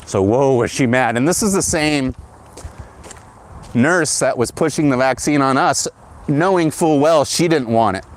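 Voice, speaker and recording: An agitated man delivers a rambling, heated monologue as the host of his own show. He keeps checking in with the listener by ending lines with "right?" His voice sits at an ordinary male pitch, neither low nor high. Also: unhurried, slight background noise. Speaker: podcast host. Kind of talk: ranting monologue.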